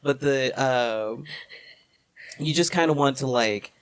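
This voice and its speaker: A man's voice: medium pitch, slow pace, fairly bright tone, clear, resonant tone, no echo. A man co-hosting a movie review show in casual chat, joking and slipping into silly voices.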